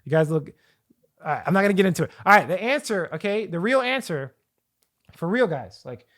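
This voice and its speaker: A man coaching viewers on finance in an energetic, rambling talk to camera, often repeating and restarting his phrases. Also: sits high, brisk. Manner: energetic, rambling, hype-building. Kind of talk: hyped talk to camera with slides.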